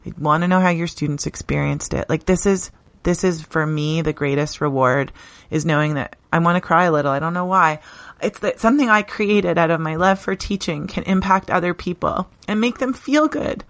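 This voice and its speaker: A middle-aged woman, a teacher talking earnestly and warmly about her work in an interview, laughing often. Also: low-pitched, fairly even intonation, fairly quick, no echo. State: briefly tearful. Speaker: teacher, podcast guest. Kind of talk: conversational interview.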